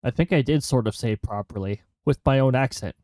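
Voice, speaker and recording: A man's voice: mid-range voice, fast, darkish tone, no room sound. Joking man streaming a game, dry sound. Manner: joking, chatty, reading game lines aloud. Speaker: streamer playing a role-playing game. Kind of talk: casual gameplay commentary.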